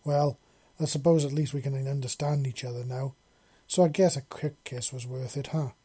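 Man voicing a storybook alien insect queen, female, fierce but gentle, higher voice, husky. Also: moderate pace, natural voice. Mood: sheepish.

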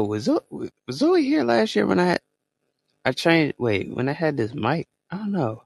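A man chatting on a casual podcast, his voice jumping all over the place with sudden squeaky exclamations as he tells a story in slang. The mic is close and dry, with no room sound. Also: big pitch swings, moderate pace, gravelly, no room sound. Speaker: podcast co-host.

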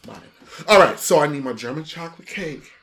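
Woman, brash and profane, casual co-host chat, swooping expressive pitch. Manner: brash, profane, drawn-out emphatic delivery. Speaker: podcast co-host.

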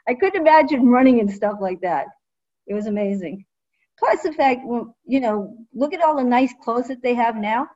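A woman's voice: on the high side, normal speed, dull audio. An older woman, a former running coach, reminiscing in casual conversation and acting out quotes as she tells stories. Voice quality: lively storyteller, acts out quotes with laughs.

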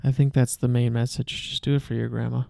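A man's voice: mid-range voice, little pitch movement, fast talker, vocal fry, dark tone, no room sound, clean studio sound. A man co-hosting a podcast in casual chat, often switching into a playful mock-announcer delivery. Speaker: podcast co-host.

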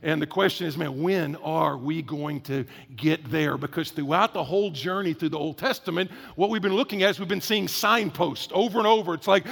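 A pastor delivers a sermon in a high, gravelly man's voice. He preaches in a lively, conversational way, acting out little asides. The sound rings with the long reverb of a large hall. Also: fairly quick, few pauses.

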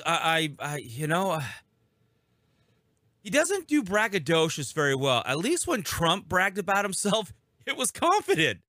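A man on a podcast panel rants in an emphatic, laughing way. His high, bright voice swings widely. The sound is close and dry. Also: dry recording. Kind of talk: casual ranting.

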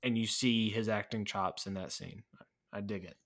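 A podcast co-host talks with animated enthusiasm about a movie scene on a casual film show. His voice is fairly low and fairly bright, with rather even intonation, and he speaks at a normal speed.

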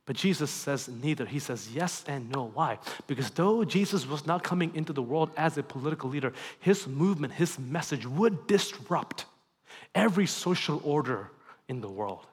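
A pastor giving a sermon, animated and swinging between emphatic and hushed delivery. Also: male voice, on the high side, normal speed, slightly rough. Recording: long reverb in a large hall.

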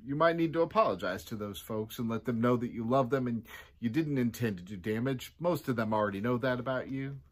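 A man who is a pastor, giving a casual devotional talk in a chatty way and acting out quotes with sudden jumps in his voice. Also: brisk. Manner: chatty, acts out quotes with big pitch jumps.

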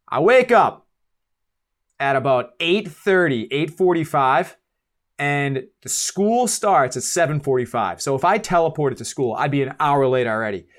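Animated man telling a story. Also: a little high, unhurried. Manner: animated, acts out quotes, swears, laughs at himself. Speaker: podcast guest. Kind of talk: casual storytelling.

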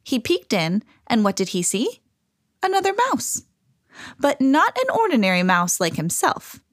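With an animated, expressive delivery, a woman reads aloud from a children's storybook. The recording is clean studio sound with no room ambience, and her mid-range voice proceeds at a normal pace.

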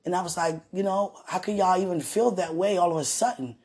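A woman on her podcast, telling a personal story straight to her partner in a lively way, acting out what people said and often speaking of God. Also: on the low side, a little fast, slightly rough. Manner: animated retelling that acts out quoted voices; religious, speaks of God and the Holy Spirit. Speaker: podcast host. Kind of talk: casual storytelling addressed to a partner.

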